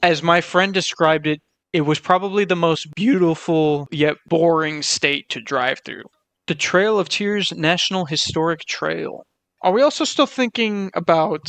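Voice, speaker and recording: A man's voice: fairly high pitch, moderate pace, gravelly, fairly bright tone, no room sound. A young man in casual chat, reading out facts and swearing casually. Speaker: podcast co-host.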